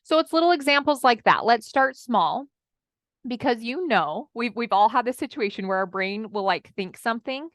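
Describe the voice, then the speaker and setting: A marriage coach in her thirties delivers a chatty motivational talk, addressing listeners like friends and acting out what her clients say. Her voice is on the high side, expressive and fairly bright, at a moderate pace. It's a dry, clean studio recording.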